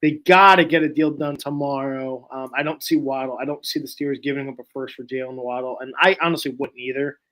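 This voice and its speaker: A man's voice: medium pitch, steady tone, a little fast, few pauses, fairly bright tone. A young man co-hosting a podcast, giving blunt, opinionated takes in a casual sports chat. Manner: blunt, opinionated, trash-talking. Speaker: podcast co-host.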